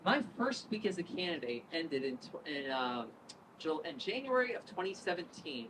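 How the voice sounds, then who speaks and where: A woman in her thirties from Northern Virginia, a politician telling a lively story at an event, acting out quotes and laughing. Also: low voice, moderate pace. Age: 30s. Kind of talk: storytelling speech. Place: event room with crowd ambience. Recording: distant mic with noise.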